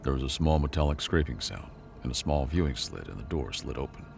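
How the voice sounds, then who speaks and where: A man narrating a scripted sci-fi story in a measured, even way. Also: very deep voice, vocal fry, soft background music.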